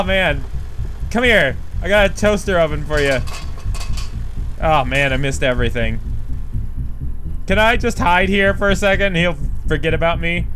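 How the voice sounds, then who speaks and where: A man doing let's play commentary, loud and profane, yelping and laughing as he plays. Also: a little high. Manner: loud, profane, yelps and laughs while playing. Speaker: gaming YouTuber. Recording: faint background noise.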